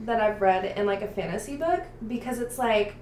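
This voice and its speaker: A woman's voice: medium pitch, brisk, a little mellow, reverberant, a little hiss or hum. A woman co-hosting a podcast, chatting about a book in a gushing, enthusiastic, slangy way. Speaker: podcast co-host. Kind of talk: casual book chat.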